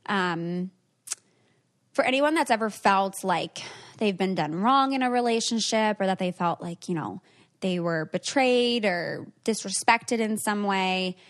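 A woman's voice: mid-range voice, animated, unhurried. Reflective woman hosting a chat. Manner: reflective, says "like" often. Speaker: podcast host. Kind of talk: casual chat.

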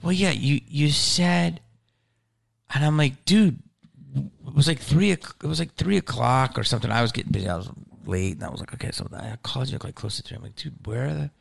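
A middle-aged man hosting a podcast, telling a profane, animated story in casual chat and acting out the quoted lines. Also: mid-range voice, brisk, vocal fry. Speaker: podcast host.

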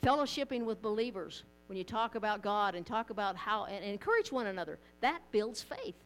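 A woman's voice: mid-range voice, big pitch swings, a little fast, a bit bright. A woman pastor, preaching a conversational sermon in church, often repeating and restarting words.

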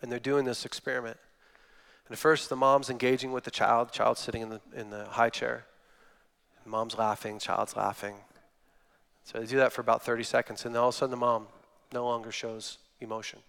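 A man's voice: mid-range voice, little pitch movement, fairly quick, creaky, fairly bright tone. A man in his thirties, a guest speaker giving a sermon, telling stories and acting out quotes. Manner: storytelling with acted-out quotes. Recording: long hall reverb.

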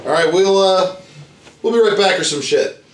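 A male podcast co-host in loose, joking chat, slightly high and lively in pitch. He rambles and laughs often. The room has a noticeable echo. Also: moderate pace, slight background noise. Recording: roomy echo.

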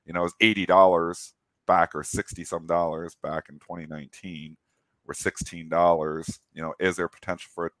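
Low nasal guy, middle-aged, talks markets and his trades off the cuff. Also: fairly bright tone, no room sound. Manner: opinionated, talks through trades. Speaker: co-host. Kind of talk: casual market chat.

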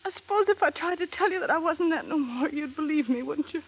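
A woman's voice: high voice, animated, fast talker, rough recording. An actress playing a bitter, defiant young woman confessing a shameful past, in a blunt, slangy, scornful way. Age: young adult. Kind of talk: dramatic acting.

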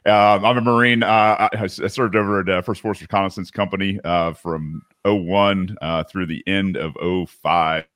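Man, booming deep voice, comforting, casual podcast guest, dry close sound. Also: steady tone, moderate pace, few pauses, fairly bright tone, no room sound. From US South. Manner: laid-back, swears freely, laughs easily.

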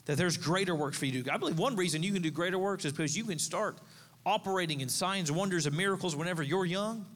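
A man's voice: sits high, fairly bright tone, in a large hall. A man in his thirties, a pastor, preaching a sermon in a conversational, storytelling way, with asides to the congregation. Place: church sanctuary.

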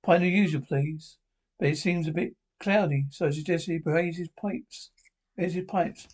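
A man's voice: fairly high pitch, fairly even intonation, normal speed, darkish tone, lightly acted. An actor with a Scottish accent playing a chatty older male pensioner who tells a story in a dry, wry way. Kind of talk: sitcom acting.

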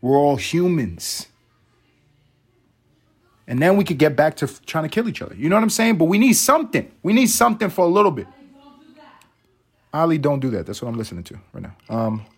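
A man's voice: a little high, big pitch swings, brisk, long pauses, husky. A man hosting a podcast, talking in a rambling, profane, wry casual monologue. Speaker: podcast host. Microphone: podcast mic.

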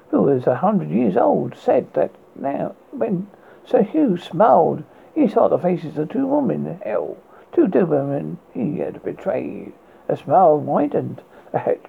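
A man with a British accent, a horror podcast host giving a dramatic, measured reading of a ghost story. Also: high voice, creaky, breathy edge. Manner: measured, slow narration with stumbles. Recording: tinny phone-like audio.

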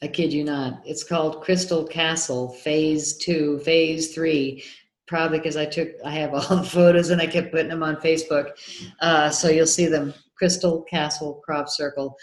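Excitable woman telling a story, roomy sound. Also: sits low, moderate pace. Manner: excitable, acts out remembered dialogue. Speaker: guest, documentary filmmaker. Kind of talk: animated storytelling in an interview. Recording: roomy echo.

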